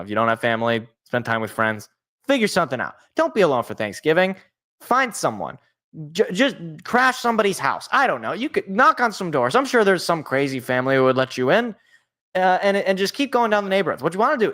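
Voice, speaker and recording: Young male sports-show host, fairly high voice, loose rambling delivery with jokey tangents. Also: fairly bright tone. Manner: rambling, self-deprecating asides, joking tangents. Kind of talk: casual solo sports talk.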